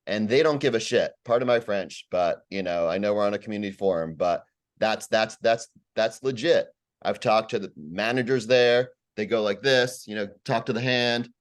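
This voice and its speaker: Aggrieved rambling man complaining. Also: lowish voice. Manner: aggrieved, rambling, full of fillers and repeats. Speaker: resident commenting at a public meeting. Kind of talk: public comment at a community meeting.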